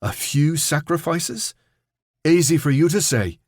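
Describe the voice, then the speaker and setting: A man's voice: fairly high pitch, lively intonation, unhurried, no echo, clean studio sound, voice pushed up. A man voicing an angry young man in an audiobook, speaking with restrained bitterness. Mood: bitter.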